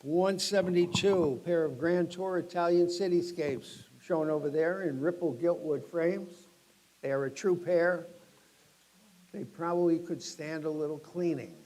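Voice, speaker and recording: A middle-aged man working as an auctioneer, describing each lot and then calling bids in a rapid chant. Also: a little high, a little mellow, rough recording.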